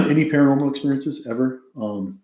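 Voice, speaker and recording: A male podcast host asking questions in a chatty, animated way during a casual interview. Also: mid-range voice, brisk, echoey room. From Mexican-American family.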